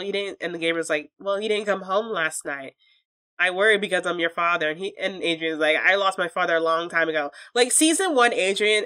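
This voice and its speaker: A woman's voice: lowish voice, sharp tone, no room sound. A woman giving a casual, rambling film review with many fillers and restarts. She is candid and swears now and then.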